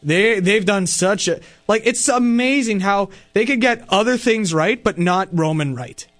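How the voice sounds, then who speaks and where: A man's voice: high voice, lively intonation, unhurried, a bit bright. A man co-hosting a radio talk show, giving opinions in casual chat and often restarting his words. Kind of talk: casual chat about wrestling.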